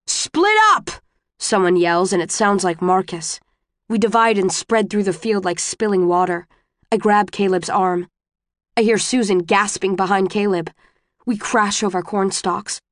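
A woman reads a first-person novel in a subdued, measured way. Her voice sits in a middle register. The close studio recording is dry, with no room sound. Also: mid-range voice, fairly even intonation, no room sound. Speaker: audiobook narrator.

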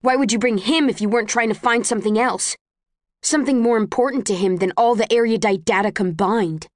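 A woman's voice: a little high, fairly quick, no echo, natural voice. An earnest, anxious young man who pleads with his sister, his voice sounding close and plain, as a woman reader voices him. It is an audiobook read in a dry, close recording with no room sound.

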